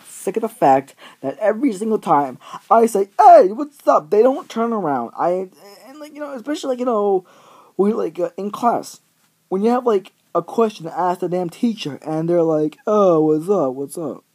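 A man's voice: high-pitched, sing-song, moderate pace, darkish tone. A teenage boy ranting casually on his vlog, profane and rambling, full of filler words. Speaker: vlogger.

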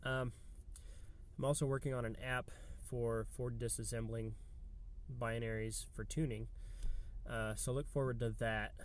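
A man's voice: mid-range voice, little pitch movement, unhurried, long pauses, slight background noise. A man with a stuffy, nasal voice from a cold, casually walking through a car tuning job with lots of ums and uhs. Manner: hesitant, many ums and uhs. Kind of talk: casual how-to walkthrough.

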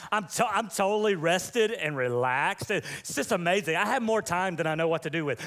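Animated joking pastor, man. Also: high voice, brisk, hardly any pauses. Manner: animated, joking, call-and-response with congregation. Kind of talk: humorous sermon. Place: church sanctuary.

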